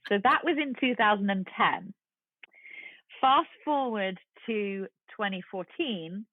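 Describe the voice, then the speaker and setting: A woman in her forties with an English accent, a guest telling a lively story and acting out the voices of the people in it. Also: medium pitch, takes it slowly, no echo. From London. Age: 40s. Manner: lively, acts out quoted voices. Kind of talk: storytelling in a casual chat. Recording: tinny phone-like line, dry.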